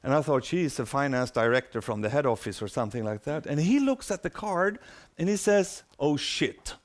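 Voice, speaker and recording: A man's voice: medium pitch, fairly quick. A middle-aged man, telling a story in a talk and acting out the voices of people in it. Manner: animated, acts out quoted voices. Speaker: speaker.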